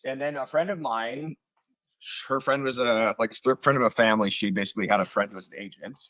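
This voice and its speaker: A man with a medium-pitched, fairly bright voice speaks a little fast on a dry recording made from his computer on a video call at home. As an actor guest in a casual interview, he tells long, rambling stories about his acting career, full of fillers and self-mocking asides.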